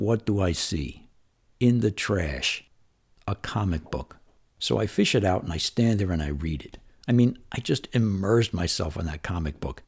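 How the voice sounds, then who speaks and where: Gravelly, husky man telling a story. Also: on the low side, darkish tone. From New York. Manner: conversational, vivid, wry retelling of childhood. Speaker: memoir storyteller. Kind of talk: personal storytelling monologue.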